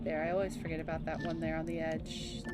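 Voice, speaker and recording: A woman's voice: low voice, monotone, quick pace. A woman in her thirties streaming a video game, chatting and reminiscing casually and laughing easily. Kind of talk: casual gaming stream chat. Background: game music.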